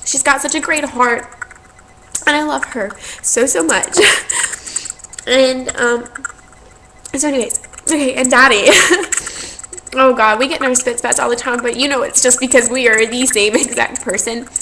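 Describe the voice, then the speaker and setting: A woman's voice: sits high, steady tone, normal speed, long pauses, pushed and bright, slight background noise, low-quality recording. A young woman, talking in a heartfelt, rambling way and teary as she thanks family and friends in a vlog. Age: young adult. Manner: heartfelt, rambling, tearful with laughs. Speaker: vlogger. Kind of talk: emotional thank-you vlog.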